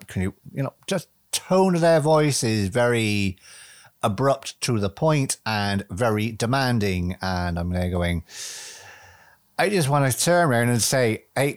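A man talking to the camera in a casual, reflective monologue. He rambles with lots of fillers and is blunt and earthy, mixing quiet musing with the odd swear word. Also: mid-range voice, dry recording, clean studio sound. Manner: rambling, conversational, with frequent fillers.

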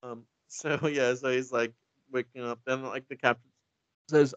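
As a podcast co-host, a man casually recaps a story, rambling, cursing, and saying "like" constantly. His medium-pitched voice is fairly bright and fairly quick. The recording is dry and slightly dull, with no echo.

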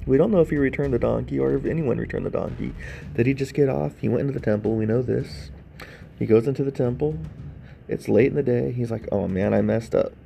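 A man's voice: medium pitch, quick pace, vocal fry, mellow, slight background noise. A man giving sarcastic, casual commentary on a bible story, thinking aloud and asking wry questions.

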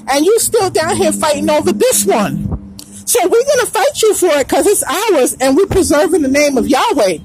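A woman with a high, bright voice holds forth in a preachy podcast monologue. Her pitch swoops widely as she drives her points home, repeating phrases and drifting into snatches of song. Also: sing-song, normal speed, background noise. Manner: emphatic, repeats lines, breaks into sung phrases. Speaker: podcast host.

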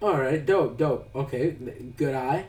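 A man's voice: medium pitch, measured pace. A man, casually retelling a movie plot and acting out the characters' lines. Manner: animated storyteller who acts out characters' lines. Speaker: podcast co-host recapping a movie. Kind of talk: casual chat. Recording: roomy, from a distance.

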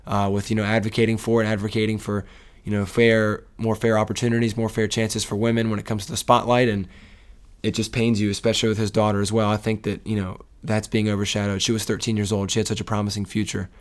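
A man's voice: fairly low pitch, little pitch movement, quick pace. A man co-hosting a casual sports talk show, speaking in an emotional, rambling way with many restarts. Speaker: sports podcast co-host.

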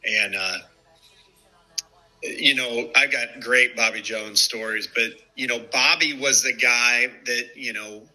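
A man in his fifties tells old stories in a loose, casual way, full of fillers. His voice is very bright and forward. When he quotes someone, his pitch jumps sharply. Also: fairly even intonation, slow pace, low-quality recording. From United States. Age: 50s. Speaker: former baseball player, guest. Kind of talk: casual storytelling.

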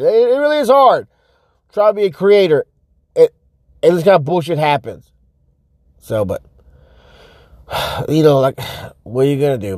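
A man's voice: medium pitch, warm tone, dry recording. A man vlogging from his car in a rambling, profane, frustrated rant about his videos. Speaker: social media creator. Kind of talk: casual vlog rant while driving. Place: in a car on the road. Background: faint car noise.

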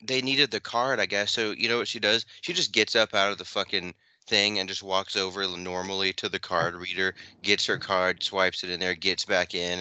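A man's voice: deep voice, sharp tone, no echo. A man co-hosting a casual podcast, telling rambling stories packed with filler words and laughter. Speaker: podcast co-host. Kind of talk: casual crude chat.

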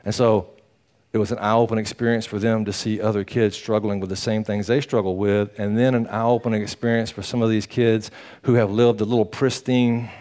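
A lowish-voiced male pastor delivers a sermon in a folksy, animated storytelling style, acting out the quotes as he goes.

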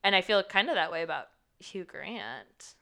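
Smooth, lowish-voiced woman chatting casually. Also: very animated, moderate pace, bright, forceful tone. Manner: chatty, recaps scenes with lots of "like" and "um". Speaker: podcast host. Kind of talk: casual movie-discussion chat.

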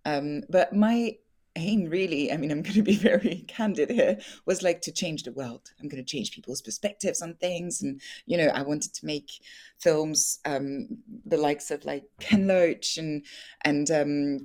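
Young woman, low voice, interview guest, chatty, laughs a lot, lots of fillers. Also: darkish tone. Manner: chatty, laughs often, many fillers and restarts. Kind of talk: candid interview conversation.

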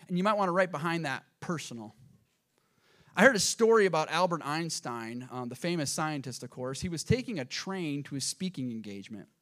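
A man preaching a sermon as pastor, addressing the congregation directly and swinging from hushed asides to loud, emphatic peaks. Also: a little high. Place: church auditorium.

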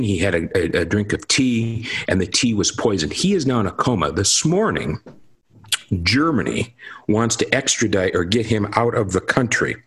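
A man's voice: fairly low pitch, fairly bright tone, breathy edge. A man giving emphatic commentary on politics in a lecturing, insistent manner. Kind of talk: political discussion.

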